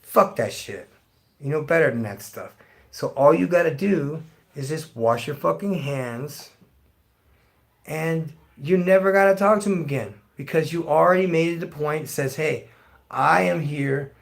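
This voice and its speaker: Streamer host, middle-aged male; raised, raspy-edged voice; blunt, foul-mouthed rant. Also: fairly high pitch, animated, normal speed. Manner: blunt, heavily profane, ranting. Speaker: livestream host. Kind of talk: profane rant to live chat.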